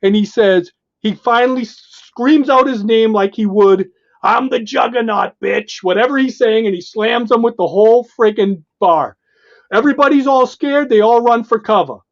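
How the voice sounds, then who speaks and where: A man co-hosting a podcast, casually and excitedly walking through comic book pages and acting out the characters' lines. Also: very high-pitched, dull audio. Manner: excited, retells panels and acts out the dialogue in quick bits. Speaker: podcast co-host.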